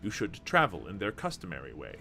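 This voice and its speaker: A man hosting a gameplay video, reading the game's text aloud and commenting with excitement. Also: sits low, brisk, vocal fry, soft background music. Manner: animated, reads dialogue aloud with excitement.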